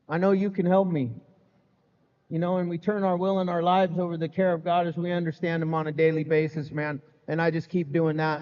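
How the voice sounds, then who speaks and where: Before a live crowd in an event hall, a middle-aged man offers a frank, funny testimony about his recovery, his fairly high voice carrying a darkish tone. He keeps it loose and conversational, sprinkling in "man" and "you know." Long hall reverb rings around him, and the audio is a bit muffled.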